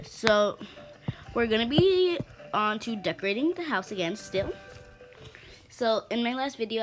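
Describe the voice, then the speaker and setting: A woman hosting a casual game-play video, chatty and rambling, full of ums and asides to her viewers, and slightly out of breath. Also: mid-range voice. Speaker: gaming channel host.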